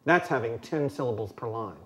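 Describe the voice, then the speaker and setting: A man's voice: mid-range voice, lively intonation, a little fast. Man explaining in a roomy space. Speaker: presenter explaining poetry. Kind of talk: scripted educational narration. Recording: roomy echo with faint background noise.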